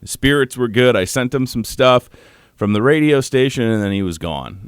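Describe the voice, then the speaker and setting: A male radio host on his morning show, talking in a halting way and holding back tears, with pauses and restarts. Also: mid-range voice, expressive, clear, resonant tone, no echo, clean studio sound. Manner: halting, choked up, pausing often. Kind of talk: on-air morning show tribute. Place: radio studio.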